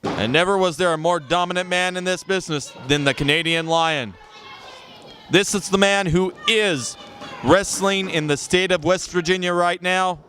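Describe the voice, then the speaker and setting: A man's voice: high voice, moderate pace, pushed and bright, slight background noise. A man doing wrestling commentary, boastful and emphatic as he talks up the champion.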